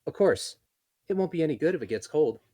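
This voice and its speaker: A man's voice: on the high side, lively intonation, fairly quick, dark tone, breathy edge, dry recording, clean studio sound, pitched above the performer's own voice. A man voicing a chatty, flirtatious elf woman who talks in a sing-song voice.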